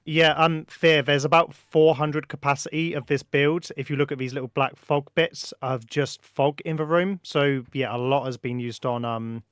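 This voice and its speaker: A man's voice: a little high, moderate pace, hardly any pauses, clean tone, no room sound, clean studio sound. A man hosting a live stream tour, chatting casually, laughing often and filling with "um" and "yeah". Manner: relaxed, laughs often, many fillers. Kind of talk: casual chat.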